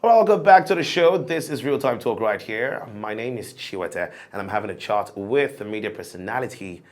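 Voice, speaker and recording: A man hosts a studio talk show in a lowish voice. He probes his guest, repeating his questions until he gets an answer. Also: expressive, fairly quick. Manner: probing, presses with repeated questions.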